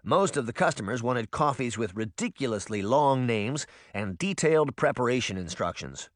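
A man reads a children's story aloud with an expressive delivery. His pitch moves about a great deal. The recording is dry and close. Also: moderate pace, few pauses, dry recording. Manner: expressive reading. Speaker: audiobook narrator. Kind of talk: scripted narration.

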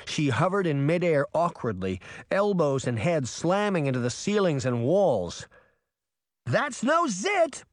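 Audiobook narrator, expressive, very animated pitch, dry close recording. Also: normal speed, hardly any pauses, dry recording. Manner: expressive storytelling.

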